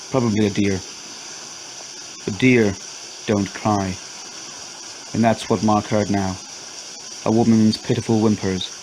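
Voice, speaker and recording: A man narrating a scripted horror story in a steady, measured way. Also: lowish voice, background noise.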